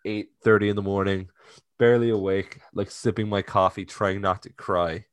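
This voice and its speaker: A young man chatting casually on a podcast, emotional and animated, swearing freely and acting out quotes. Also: fairly low pitch, normal speed. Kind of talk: casual chat.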